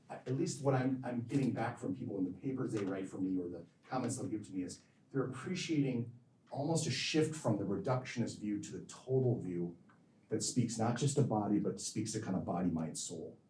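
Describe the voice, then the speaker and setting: A man with a low, mellow voice answers audience questions after a lecture, rambling, breaking off and repeating his words. He sounds far from the microphone in a roomy, echoing hall, with faint noise underneath. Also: lively intonation, brisk. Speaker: physician giving a lecture.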